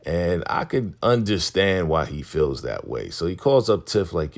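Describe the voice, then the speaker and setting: Very animated but unhurried, a low-voiced male vlogger recaps a TV episode, retelling scenes in an easygoing, conversational way and paraphrasing the characters' speech.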